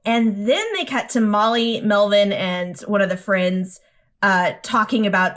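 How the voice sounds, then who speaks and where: A woman's voice: medium pitch, normal speed, a bit bright. A woman co-hosting a casual podcast chat, animatedly retelling cartoon scenes and acting out the lines in quoted voices. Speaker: podcast co-host.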